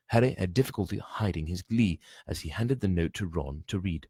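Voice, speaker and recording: A man's voice: sits low, fairly quick, few pauses, dark tone, breathy edge, no echo, clean studio sound. A man reading a book aloud, often stumbling and restarting, with chatty asides. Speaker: reader.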